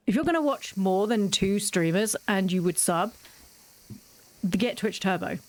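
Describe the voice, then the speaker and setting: A woman's voice: medium pitch, normal speed, a little mellow, dry recording. Chatty woman rambling over a game. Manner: rambling, self-mocking, giggly. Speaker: gaming streamer. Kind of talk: casual let's-play chat.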